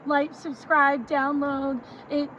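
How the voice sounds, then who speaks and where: A chatty young woman co-hosting a podcast, her voice sitting high. She talks loosely and laughs often. The outdoor recording is dull and lo-fi, with clear street and traffic noise behind her. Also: little pitch movement, slow pace. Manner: chatty, laughs easily, Southern "y'all". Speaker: podcast co-host. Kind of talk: casual chat.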